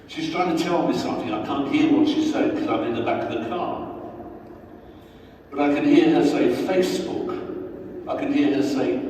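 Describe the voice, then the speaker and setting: A man's voice: mid-range voice, a little mellow, slight background noise. A man giving live spoken-word storytelling at an indoor venue, in a wry, conversational way. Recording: very echoey hall, distant mic.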